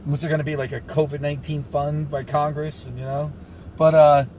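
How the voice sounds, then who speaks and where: Fast-talking, sarcastic man ranting casually. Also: a little high, level tone, noisy background. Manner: rambling, sarcastic, fast-talking with frequent asides. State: short of breath. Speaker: vlogger recovering from covid. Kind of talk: casual rant to camera.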